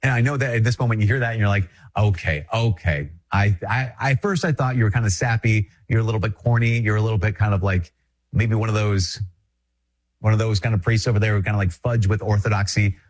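Husky low-voiced man, emphatic preacher. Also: steady tone, fast. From Minnesota. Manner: conversational, emphatic, repeats phrases, chuckles often. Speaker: Catholic priest. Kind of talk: spoken reflection to an audience.

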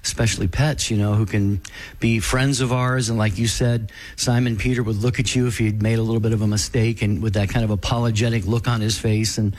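A man co-hosting a radio talk show, speaking in a gentle, reflective way. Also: lowish voice, little pitch movement, brisk. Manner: gentle, reflective, faith-minded. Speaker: radio co-host.

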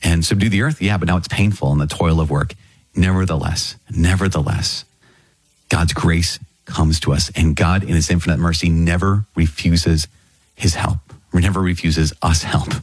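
A priest with a very low, husky voice, teaching in an earnest, prayerful way. He doubles back on his phrases to stress them. The sound is close and dry. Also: steady tone, moderate pace, no echo. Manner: earnest, repeats phrases for emphasis. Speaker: priest and podcast host. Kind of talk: catechism teaching talk.

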